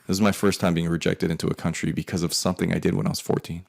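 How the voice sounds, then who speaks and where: A man's voice: low voice, level tone, very fast, vocal fry. A man in his forties telling a profane personal story in a rambling monologue, with muttered asides. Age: 40s. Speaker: artist telling a life story.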